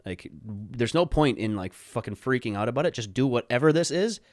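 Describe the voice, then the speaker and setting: A man guest telling a story in a relaxed way. He swears freely and acts out quotes. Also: medium pitch, brisk, no room sound, clean studio sound. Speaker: podcast guest. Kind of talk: casual storytelling.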